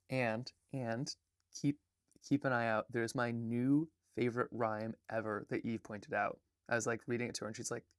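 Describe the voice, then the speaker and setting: A man with a medium-pitched voice hosts a livestream, chatting casually and rambling with viewers and doing a read-through, often stopping to apologize and start over. The recording is dry and studio quality.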